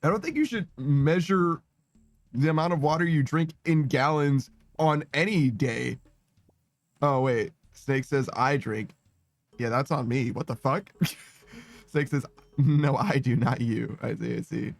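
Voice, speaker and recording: A man's voice: fairly high pitch, measured pace, vocal fry, no echo. A man streaming a game, chatting casually with his viewers, rambling, laughing often and swearing. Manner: giggly, rambling, self-mocking, swears a lot. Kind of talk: casual live-stream chat while gaming. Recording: dry close mic with faint music behind.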